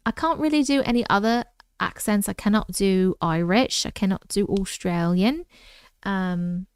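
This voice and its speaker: A woman's voice: mid-range voice, expressive, normal speed, clear, resonant tone, no room sound, clean studio sound. A woman hosting a casual livestream from home, chatting with viewers, greeting them by name and laughing often. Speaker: livestream host.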